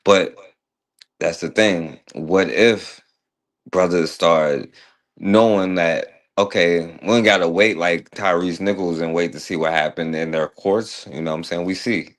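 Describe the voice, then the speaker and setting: A man's voice: low voice, fairly even intonation, a little slow. A man hosting a radio talk show, talking loosely and conversationally, turning to his co-host for his take. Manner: loose, conversational, asks co-host's view. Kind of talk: casual opinion talk.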